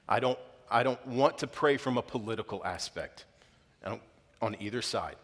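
A man's voice: lowish voice, fairly bright tone. Guy in his 30s preaching, earnest, gets worked up, voice rings out in a big church hall. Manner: earnest, builds up with emphasis, halting restarts. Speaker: pastor. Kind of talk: sermon. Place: church auditorium. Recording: long hall reverb.

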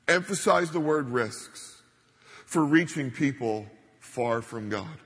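A man's voice: mid-range voice, expressive, slow, a bit bright, breathy edge. A middle-aged man preaching a sermon as a pastor, speaking emphatically and leaning hard on his key points. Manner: emphatic, building to stressed points. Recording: reverberant church hall.

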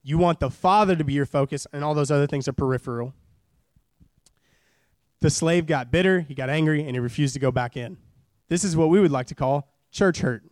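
A young male preacher in his twenties gives a loose, joking sermon at a church service, repeating phrases to hammer his points home. His slightly high voice is smooth, resonant and a little mellow, and the recording is close and dry.

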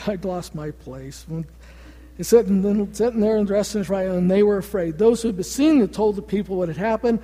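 Male pastor, high and mellow voice, casual animated sermon delivery, big reverberant hall. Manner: conversational, animated storytelling with many fillers. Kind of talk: sermon with scripture reading.

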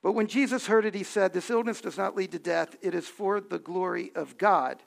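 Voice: mid-range voice, normal speed, creaky. A pastor preaching a sermon, asking the congregation questions and building to emphatic points.

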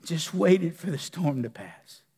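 A man preaching a folksy sermon, his high voice sinking to a near hush and then rising into loud bursts. The sound rings with the long reverb of a large hall. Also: very animated, unhurried, breathy edge. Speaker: pastor.

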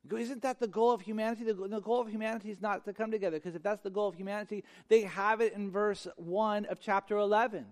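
A man preaching a sermon as pastor, with a notably high voice. He speaks with emphasis and circles back to repeat key phrases. His voice rings out with a long reverb, as in a large sanctuary. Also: fairly even intonation, quick pace, hardly any pauses.

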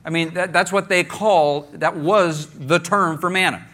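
A man preaching a sermon to a congregation in a conversational, animated way, often restarting his phrases and leading the listeners in repeating words. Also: on the high side, normal speed. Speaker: pastor.

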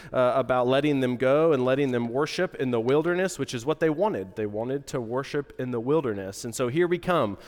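A male pastor with a stuffy, nasal voice from a cold, preaching in a relaxed, conversational way with asides. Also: mid-range voice, in a large hall. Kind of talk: sermon.

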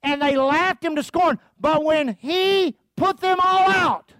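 Fervent high-voiced male preacher. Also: slow, fairly bright tone, dry recording. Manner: fervent, calls out to the congregation; reads scripture aloud. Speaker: pastor. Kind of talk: sermon.

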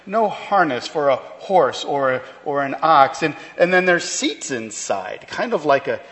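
A man's voice: a little high, sing-song, unhurried, fairly bright tone. Man preaching in a reverberant hall. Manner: emphatic, rhetorical questions, conversational asides. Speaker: pastor. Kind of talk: sermon. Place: church.

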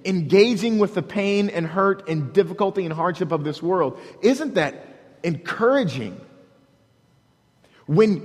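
A man preaching a sermon as a pastor, earnest and halting, often repeating words as he restarts, breaking into dramatic quoted prayers. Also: sits high, in a large hall.

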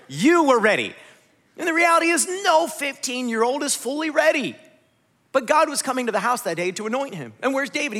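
Preaching to his congregation, this pastor keeps things animated and chatty, trading jokes with the audience. His voice is high and bright, swinging up and down in pitch. Everything echoes with the lengthy reverb of a big hall.

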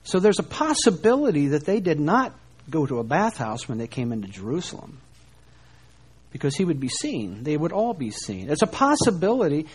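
A man preaching a sermon, animated and emphatic, often posing rhetorical questions. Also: fairly high pitch, normal speed, husky.

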